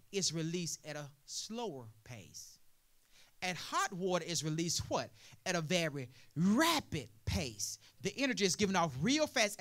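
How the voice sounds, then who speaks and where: A man preaching a sermon as pastor, throwing out "what?" prompts to the congregation and building to loud, emphatic passages. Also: high voice.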